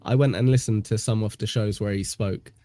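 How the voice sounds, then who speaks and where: A man's voice: on the low side, steady tone, a little fast, dark tone, dry recording. A British man from England hosting a podcast, rambling casually with lots of fillers and self-deprecating asides. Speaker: podcast host. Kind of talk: casual chat.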